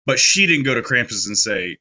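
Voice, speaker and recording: A man's voice: mid-range voice, expressive, a little fast, sharp tone. A man co-hosting a podcast, talking casually about a horror film with lots of fillers and restarts. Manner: chatty, many fillers and restarts. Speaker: podcast co-host.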